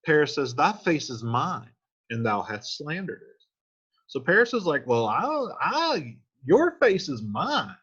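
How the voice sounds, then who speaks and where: Male teacher, casual line-by-line play explainer, husky voice, lo-fi sound. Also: a little high, big pitch swings, measured pace, a bit bright. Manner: reads old lines then paraphrases them in slangy modern speech.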